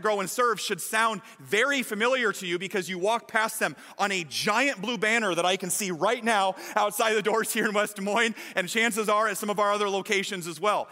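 A pastor preaches an energetic, emphatic sermon to his congregation in a high, bright, forceful voice. The large church hall leaves a long reverb tail on his words.

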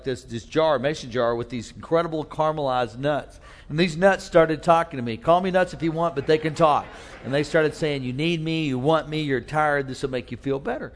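Guy preaching, kinda high voice, funny stories, lots of hall echo. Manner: storytelling with humor, acts out voices. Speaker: pastor. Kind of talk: sermon.

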